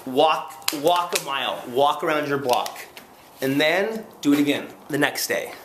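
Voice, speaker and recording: A man chatting casually to camera in a vlog, rambling and excitable, sore after a long run, poking fun at himself between plenty of fillers. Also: fairly high pitch, measured pace, a little hiss or hum. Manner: rambling, excitable, self-mocking, lots of fillers. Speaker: vlogger.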